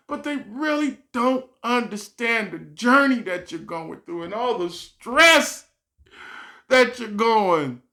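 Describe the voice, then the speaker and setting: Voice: mid-range voice, lively intonation, takes it slowly, bright, forceful tone. An adult vlogger telling a stressed, rambling storytime, acting out what other people said and often sighing or laughing. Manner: sighs and laughs while talking. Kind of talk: storytime vlog.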